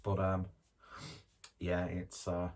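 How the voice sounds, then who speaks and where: Deep, a little mellow, and utterly flat in delivery, this man talks slowly as he reviews a beer. He wanders through the casual tasting, cracking jokes at his own expense and swearing now and then.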